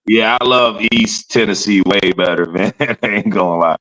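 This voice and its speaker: Laid-back man, low voice. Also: normal speed, bright, forceful tone, low-quality recording. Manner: laid-back, full of "you know" fillers. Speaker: country rap artist, podcast guest. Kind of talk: casual podcast chat.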